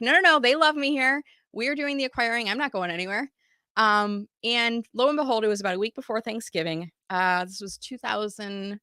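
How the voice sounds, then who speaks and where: A woman's voice: mid-range voice, bright, forceful tone, no room sound, clean studio sound. A middle-aged woman from the United States, a marketing business owner, telling her career story in a live online talk and acting out the dialogue she quotes.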